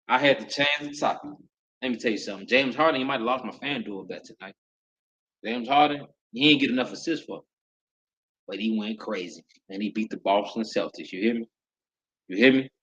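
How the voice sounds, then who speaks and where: A man hosting a nightly sports talk podcast, ranting loudly with repeated lines and sudden shouts. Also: medium pitch, lo-fi sound. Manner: loud, repetitive hype with sudden shouts.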